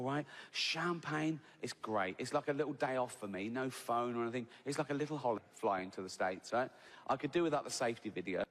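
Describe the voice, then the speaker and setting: A man's voice: mid-range voice, in a large hall, background noise. A man doing a stand-up routine, chatty and sweary, tagging his lines with "right?". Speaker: stand-up comedian. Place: live venue with audience.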